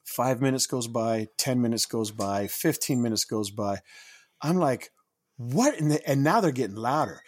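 Husky man telling a story animatedly. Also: mid-range voice, moderate pace. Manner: animated, rising to loud indignation when quoting himself. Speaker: podcast co-host. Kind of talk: casual storytelling chat.

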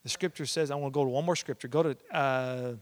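A man, a pastor preaching and telling a family story, swinging between loud and hushed. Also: mid-range voice, fairly even intonation, quick pace. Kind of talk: sermon with personal storytelling.

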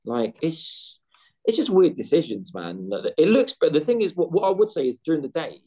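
Animated swearing man, lively pitch. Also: moderate pace, husky. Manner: animated, swearing, restarts a lot. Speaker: podcast co-host. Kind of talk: casual chat.

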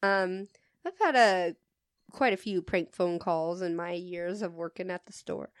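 A woman's voice: lowish voice, a little slow, smooth, no echo, studio quality. A woman co-hosting a casual podcast who tells a story with lots of laughter and swearing. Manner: laughs often, swears freely, animated retelling. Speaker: podcast co-host.

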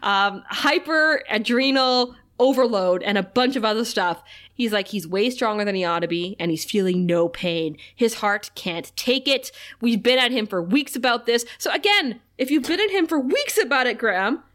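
Woman cohosting a recap podcast, kinda high voice, jokey, laughs a lot. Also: moderate pace. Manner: animated, laughs often, reads quotes in a flat aside voice. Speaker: podcast co-host. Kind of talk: casual recap chat.

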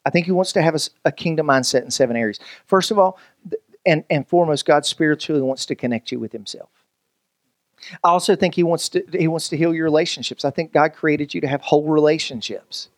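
A man preaches with a high-pitched voice, joking with the congregation as if chatting with friends. He backs up and restarts his sentences often as he works toward a point. The sound is dry and close, with no room echo. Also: fast talker. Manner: conversational, joking, many restarts. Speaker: pastor. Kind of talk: sermon.

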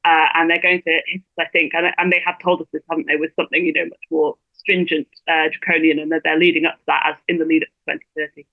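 Fast-talking woman on a tinny phone line. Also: deep voice, flat delivery, vocal fry, dry recording. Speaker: guest blogger. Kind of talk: interview over a phone line.

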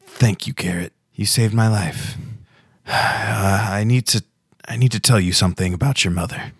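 A man's voice: on the low side, slightly rough, no echo, studio quality. Man voicing a weary, somber village woman. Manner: somber, measured.

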